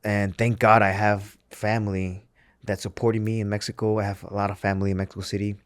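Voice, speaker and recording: A man's voice: lowish voice, flat delivery, fairly quick, no room sound. A man, a former pro wrestler, speaking as an interview guest and retelling his story in an earnest, candid way, often restarting his sentences.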